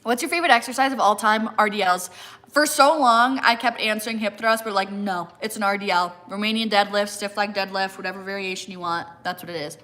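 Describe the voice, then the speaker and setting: A woman's voice: mid-range voice, a little fast, sharp tone. A young woman chatting casually on a live stream, reading out viewer comments and using "like" constantly while eating. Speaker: fitness content creator.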